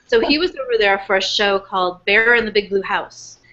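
A woman author telling the story behind her book in an earnest, animated way, full of fillers and restarts, speaking from home over a webcast. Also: medium pitch, brisk, muffled recording. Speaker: author being interviewed. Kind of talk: casual storytelling interview. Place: home in New York, remote webcast.

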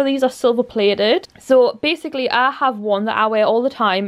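A young woman chatting casually to camera at home in a bubbly way, with lots of fillers. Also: on the high side. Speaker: vlogger. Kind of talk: casual vlog chat. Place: at home indoors.

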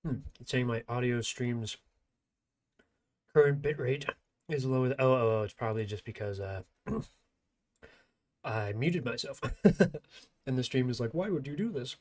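A man's voice: mid-range voice, fairly even intonation, a little slow, long pauses, a little mellow. A man with a nasal, congested voice giving rambling, self-deprecating live-stream commentary on a strategy game tournament. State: congested sinuses.

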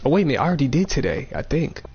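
Man, casual gameplay commentary, lively pitch, muffled lo-fi mic, faint game music. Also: rapid-fire. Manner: thinking aloud, repeating himself, playful. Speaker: gaming streamer. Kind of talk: casual let's-play commentary.

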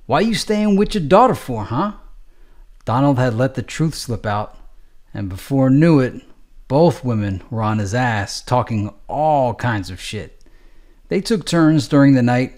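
A man's voice: mid-range voice, darkish tone. A man narrating a gritty street novel in a streetwise, matter-of-fact, profane way. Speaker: audiobook narrator.

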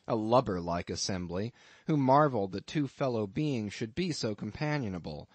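A man reading an unabridged novel aloud as an audiobook narrator, in a measured, deliberate literary reading. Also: lowish voice, darkish tone, no echo. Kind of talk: scripted narration of a classic novel.

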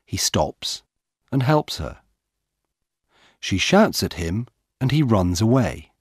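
A man narrating a simple storybook for English learners, slowly and deliberately. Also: lowish voice, big pitch swings, dry recording, clean studio sound. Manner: slow, clear and deliberate. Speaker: audiobook narrator.

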